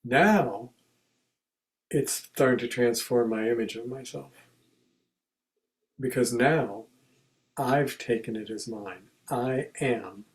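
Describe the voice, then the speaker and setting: A man's voice: medium pitch, takes it slowly, long pauses, poor audio. Conversational male spiritual teacher. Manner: conversational, acts out everyday examples in quoted speech. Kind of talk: contemplative spiritual talk.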